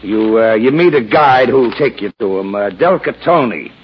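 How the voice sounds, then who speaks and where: An actor playing a brisk, persuasive male business associate, in 1940s radio acting style. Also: mid-range voice, animated, a little hiss or hum, lightly acted. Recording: dull old radio recording.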